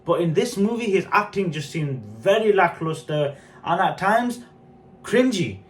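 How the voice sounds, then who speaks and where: A man's voice: high voice, measured pace. Frank young-sounding man reviewing a film. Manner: frank, animated, addresses viewers as guys. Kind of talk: casual spoken movie review.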